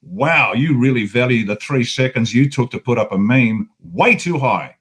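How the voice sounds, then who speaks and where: An Australian man in full rant, angry and swearing freely. His voice sits at an ordinary middle pitch. He hammers each point home with heavy, forceful emphasis. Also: expressive, normal speed. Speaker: guest. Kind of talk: heated political rant.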